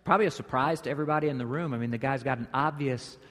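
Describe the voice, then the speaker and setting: A pastor preaching a sermon, telling the story vividly, jumping to loud bursts and dropping to quiet asides. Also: male voice, medium pitch, rapid-fire. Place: church sanctuary during a service. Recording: long reverb of a large hall.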